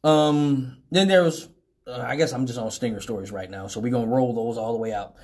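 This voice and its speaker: A man hosting a live show, from Detroit, telling profane stories with animated voices for each person in them. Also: medium pitch, fairly quick. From Detroit, Michigan. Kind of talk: casual storytelling.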